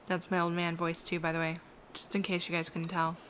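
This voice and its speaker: A woman's voice: on the low side, completely flat delivery, a little fast, a bit bright, a little hiss or hum. A woman giving chatty, giggly commentary while playing a video game. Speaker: let's play gamer.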